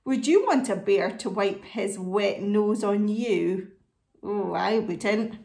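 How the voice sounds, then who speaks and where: A woman reading a picture book aloud to children, animated and asking her listeners questions. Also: mid-range voice, slow, creaky, echoey room. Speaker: storybook reader.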